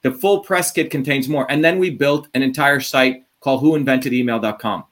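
A man ranting combatively in an interview, profane and heated, swinging between fast bursts and drawn-out words. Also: mid-range voice, fairly bright tone. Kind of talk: impassioned interview talk.

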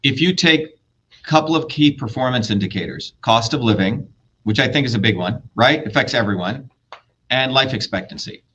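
A man's voice: mid-range voice, expressive, moderate pace, sharp tone, a little hiss or hum. A man running for office, arguing bluntly and lecturing with profanity in a heated political debate. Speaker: political candidate.

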